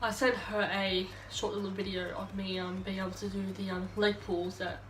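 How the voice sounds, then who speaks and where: Doing her makeup under a ring light at home, a young Australian beauty vlogger, a bit tipsy, chats to herself in a get-ready-with-me ramble. Her voice is medium-pitched, level, a bit bright, and moderately paced, recorded on a distant phone camera with roomy sound and slight background noise.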